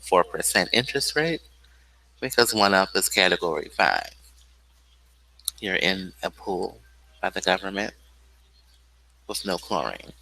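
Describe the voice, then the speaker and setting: A man's voice: on the low side, vocal fry, sharp tone, poor audio. A man hosting a solo video, delivering a rambling stream-of-consciousness monologue that jumps between unrelated topics.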